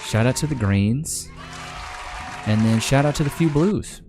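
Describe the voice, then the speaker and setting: A man's voice: medium pitch, expressive, measured pace, over music, crowd noise. A man hosting a casual live stream, chatting loosely in slang and reading out names from the chat into a desk mic. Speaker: livestream host. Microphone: desk microphone.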